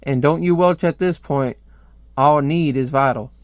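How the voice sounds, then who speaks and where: A man's voice: fairly high pitch, measured pace, dry recording, lo-fi sound. A man doing an insistent Southern-accented lodge man. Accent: Southern US, as put on. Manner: reading comic dialogue aloud.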